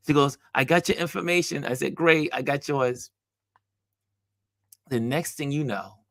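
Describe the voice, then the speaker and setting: A man hosting a motivational talk, telling a personal story and acting out the dialogue with animated delivery. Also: on the low side, no echo, studio quality. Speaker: host.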